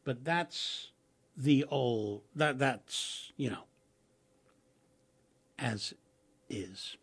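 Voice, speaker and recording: A man's voice: mid-range voice, very slow, a bit bright, breathy edge. An older man hosting a radio program, talking in a rambling, casual way. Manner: rambling, with restarts and fillers. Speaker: radio host and producer.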